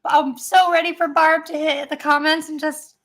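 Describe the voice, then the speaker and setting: A chatty woman with a high, light voice, talking fast and loosely on a home live stream. She rambles and giggles between thoughts, casual and unscripted. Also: flat delivery, fairly bright tone. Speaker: vlogger.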